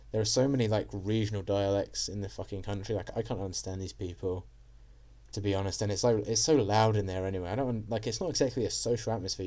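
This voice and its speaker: A young man talks on in a rambling, self-deprecating way, with lots of fillers and restarts. His voice sits low and dark. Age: young adult. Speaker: vlogger. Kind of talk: casual monologue.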